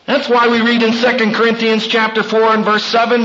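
Male preacher, high and bright, slow and dramatic, on a dull lo-fi recording. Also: completely flat delivery. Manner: dramatic, acts out quotes with big pitch swings. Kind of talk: sermon.

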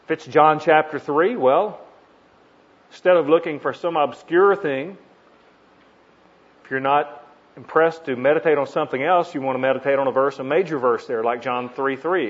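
A man's voice: medium pitch, normal speed. Earnest preacher man, lo-fi recording. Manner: earnest, stresses single words with sudden emphasis. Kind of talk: teaching sermon on Bible meditation. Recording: dull lo-fi recording.

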